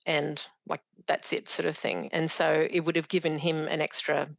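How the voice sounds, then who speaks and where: A middle-aged woman with a low, gravelly voice. She talks as a podcast guest and keeps breaking off and restarting her sentences. The sound is dry and close. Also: little pitch movement, no room sound. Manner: halting, with many restarts and fillers. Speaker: charity founder, guest. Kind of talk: conversational podcast interview.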